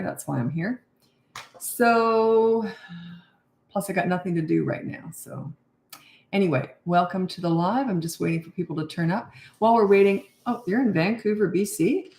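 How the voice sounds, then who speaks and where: A woman's voice: medium pitch, gravelly, darkish tone. Older woman chatting on a livestream, roomy sound. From Canada. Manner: chatty, reads out viewer comments and greets them. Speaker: parenting coach hosting a livestream. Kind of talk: casual livestream chat.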